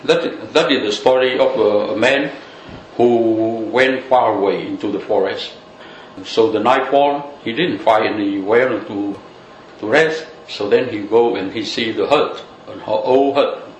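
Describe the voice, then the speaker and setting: A man's voice: on the low side, a little slow. Brief: male Buddhist teacher, casual talky delivery, echoey room. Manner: loose, conversational, many "you know" fillers. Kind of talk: dharma talk. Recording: echoey room with faint noise.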